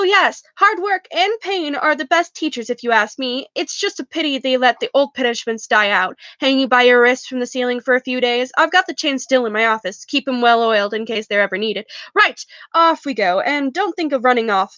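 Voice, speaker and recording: A woman's voice: sits high, moderate pace, few pauses, sharp tone, dry recording, highs cut off. Woman doing a sneering old caretaker man. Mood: gloating. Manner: gloating, menacing.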